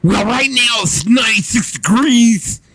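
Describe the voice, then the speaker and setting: A man putting on a high, shouted impression of a friend as a chatty voice assistant. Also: expressive, measured pace, heavy background noise. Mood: exaggerated. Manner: shouted, high-pitched, singsong delivery.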